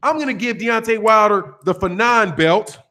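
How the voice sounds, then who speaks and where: A man's voice: high voice, normal speed, pushed and bright. Brash, profane man ranting. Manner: brash, profane, trash-talking with frequent "okay?" and "dog". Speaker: boxing channel host. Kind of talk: ranting commentary monologue.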